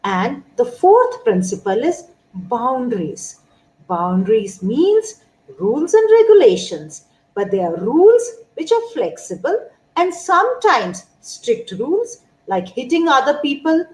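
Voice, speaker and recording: A middle-aged woman pediatrician, giving a measured, explanatory talk to parents and listing her points one by one. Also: high-pitched, sing-song, a little mellow, rough recording.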